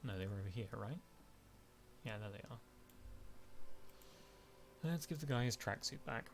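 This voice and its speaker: A man's voice: medium pitch, lively intonation, moderate pace, vocal fry. A man streaming a game live, reading its dialogue aloud in a casual, playful way.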